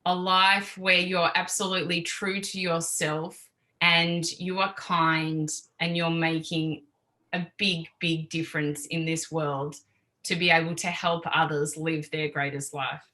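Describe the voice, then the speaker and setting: A woman's voice: low-pitched, unhurried, rough recording. A woman, a podcast guest talking openly and emotionally in casual interview chat. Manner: emotional, openly expressive, laughs easily.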